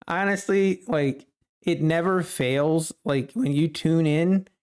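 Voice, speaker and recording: A man's voice: on the high side, takes it slowly, a little mellow, smooth. A man hosting a live trading stream, chatting casually with viewers and laughing often. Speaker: livestream trading host.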